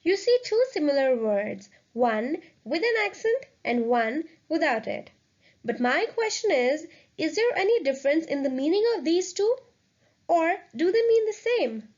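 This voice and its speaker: High-voiced woman teaching French. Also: very animated, a little slow, a little mellow, lo-fi sound. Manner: clear, explanatory, upbeat. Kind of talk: lesson narration.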